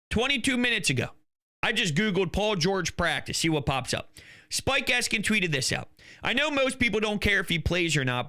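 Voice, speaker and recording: Brief: male sports host, high bright voice, excitable and rambling. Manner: rambling, excitable, gets worked up. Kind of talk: casual solo sports talk.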